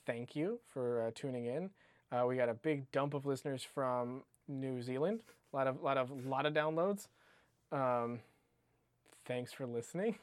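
A man's voice: mid-range voice, normal speed, smooth, dry recording. A man co-hosting a podcast in casual chat, rambling and joking, laughing often. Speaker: podcast co-host.

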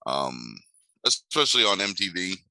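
A man's voice: sits low, sing-song, moderate pace, bright, forceful tone, dry recording, poor audio. A man co-hosting a casual movie podcast, talking in a dry, sardonic way with frequent ums. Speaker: podcast co-host.

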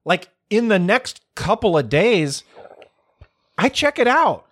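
A man co-hosting a podcast in casual chat, talking haltingly with many fillers and restarts. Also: sits high, very animated, fairly bright tone, dry recording, studio quality. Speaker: podcast co-host.

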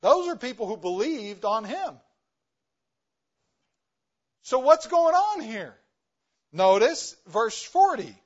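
Guy preaching slow and emphatic, voice way up high, dull lo-fi church recording. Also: sing-song. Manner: emphatic, rhetorical questions, varies loudness for stress. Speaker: guest preacher, missionary. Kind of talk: sermon.

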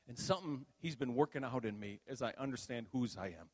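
Older man, pastor preaching, animated storytelling, mid-pitched voice, long hall reverb. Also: fairly quick. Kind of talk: sermon storytelling.

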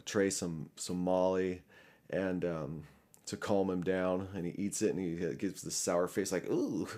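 A man's voice: deep voice, mellow. A young man telling a story casually and animatedly, full of fillers, restarts and swearing. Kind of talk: casual anecdote.

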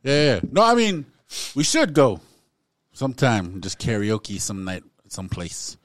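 A man's voice: medium pitch, wildly swooping pitch, measured pace, no echo, studio quality. A man co-hosting a casual talk show, joking around and breaking into song now and then. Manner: jokey, bursts into song. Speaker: podcast co-host. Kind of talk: casual chat.

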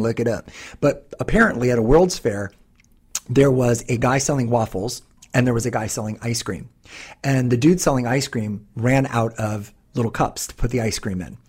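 A man in his fifties co-hosting a podcast, telling stories in a casual, animated way with lots of fillers. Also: mid-range voice, husky. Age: 50s. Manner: animated storyteller, many fillers. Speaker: podcast co-host.

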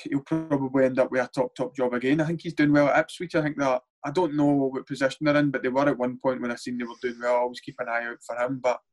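A man's voice: medium pitch, level tone, quick pace, hardly any pauses. A Scottish man, a former footballer, talking bluntly in a casual podcast chat, rambling and swearing freely. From Scotland.

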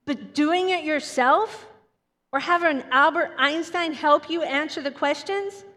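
A woman preaching a Sunday sermon in an animated way, acting out children's voices as she goes. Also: high voice, unhurried. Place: church hall. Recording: long hall reverb.

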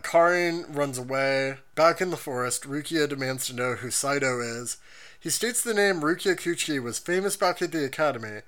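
Bright, lively anime podcast host. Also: mid-range voice, normal speed. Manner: lively, expressive, reads out episode summaries. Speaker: podcast host reading chat. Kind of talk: casual anime recap chat.

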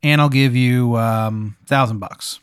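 A man's voice: medium pitch, steady tone, slow, clean tone, no room sound, clean studio sound, natural voice. Man doing a pushy wizard with a thick Maryland accent. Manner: pushy salesman patter, laid-back.

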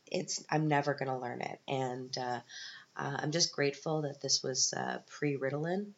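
A Canadian podcast host, middle-aged, delivers a casual monologue of rambling, wry stories, peppered with ums and self-deprecating asides. Her voice is extremely low, with fairly even intonation at a moderate pace, and the highs are cut off.

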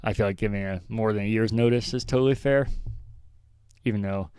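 A young man with a low, smooth voice hosting a relaxed gaming podcast. He thinks out loud and rambles through his points, poking fun at himself. The sound is dry and close. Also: a little fast, no echo. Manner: rambling, self-deprecating, thinks aloud. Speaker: podcast host. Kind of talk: casual chat.

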